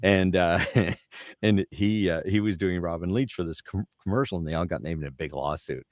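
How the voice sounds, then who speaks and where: Middle-aged male voice actor, very low voice, close dry sound, lively storyteller who drops into quick impressions. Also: no room sound. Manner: animated anecdotes, slips into character voices for quotes. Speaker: voice actor guest. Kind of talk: casual storytelling chat.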